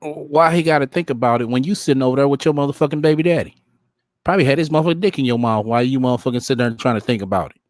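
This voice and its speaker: A man's voice: medium pitch, very fast, no room sound, clean studio sound. A man doing live-stream commentary, mocking a clip with lots of swearing and laughter, and reading viewer comments aloud. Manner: profane, mocking, laughs often, reads chat aloud.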